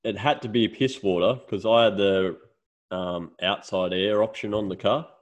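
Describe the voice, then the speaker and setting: A man's voice: on the low side, steady tone, moderate pace, muffled recording. An Australian man co-hosting a podcast, telling stories in a casual, swearing way. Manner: swearing storyteller. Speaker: podcast co-host. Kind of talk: casual chat.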